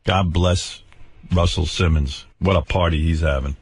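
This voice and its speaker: Profane husky older man radio ranting. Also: deep voice, steady tone, a little slow, dry recording. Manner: profane, sarcastic, repetitive stammering. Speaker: radio show host. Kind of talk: angry on-air rant. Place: radio studio.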